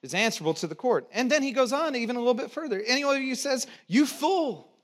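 A middle-aged American pastor delivers a sermon in a church very fast, in a voice high for a man, with lively intonation. He chats with the congregation, has them repeat words, cracks jokes, and shifts from loud emphatic lines to quiet, low ones.

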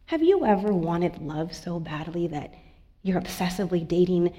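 A woman pastor giving a sermon in a church, earnest and confiding, moving between soft asides and emphatic lines. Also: fairly low pitch, sing-song, normal speed.

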